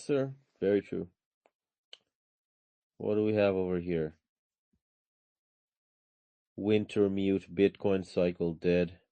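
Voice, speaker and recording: Male podcast host, heated profane rant, lowish voice, dry close mic. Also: mellow, dry recording. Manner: heated, swearing, ranting with filler like bro and man. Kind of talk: casual political chat.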